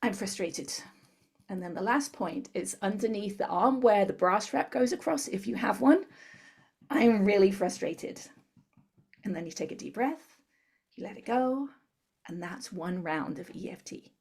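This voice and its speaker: Husky-voiced woman explaining step by step. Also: mid-range voice, normal speed. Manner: calm step-by-step instructor. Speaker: guest, tapping therapy practitioner. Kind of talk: explanatory interview talk.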